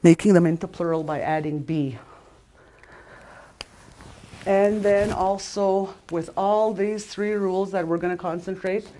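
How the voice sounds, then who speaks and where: An older woman teaching an informal language lesson, often losing her place and restarting, and sounding out syllables slowly and repeating them. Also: fairly low pitch, steady tone, warm tone, slight background noise.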